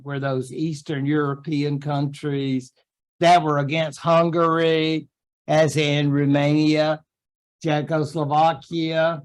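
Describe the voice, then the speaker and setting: A man giving a history lecture to a class in a chatty way, with joking asides and quick made-up quotes. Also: a little high, steady tone.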